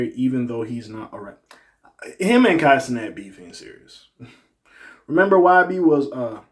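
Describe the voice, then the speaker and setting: A man runs a casual hip-hop news commentary in a relaxed, way. He jumps from loud, excited reactions to quiet muttered side comments. His voice sits at an ordinary mid pitch for a man. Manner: animated, swings from loud exclamations to low muttered asides. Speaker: commentary channel host.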